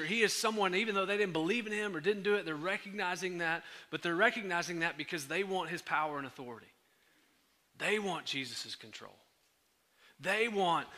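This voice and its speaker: A pastor delivering a sermon in a conversational way, full of fillers and restarts. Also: male voice, fairly high pitch, pushed and bright, in a large hall.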